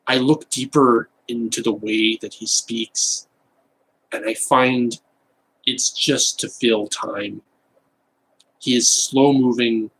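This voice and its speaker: A man putting on a slow German-accented filmmaker. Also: lowish voice, a bit bright, slight background noise, low-quality recording. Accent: put-on German. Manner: slow, deliberate, solemn. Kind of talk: live-stream impression.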